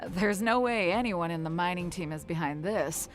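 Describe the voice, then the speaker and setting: A woman's voice: lowish voice, a little slow, lightly acted. An actress playing a shaken, injured young woman miner in a video game, flustered and stammering.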